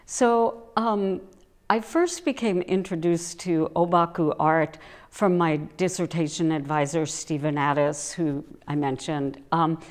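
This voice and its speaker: A woman with a lowish voice speaks as a guest art historian. She tells her story in a thoughtful, measured way, like a recorded academic conversation. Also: a little mellow.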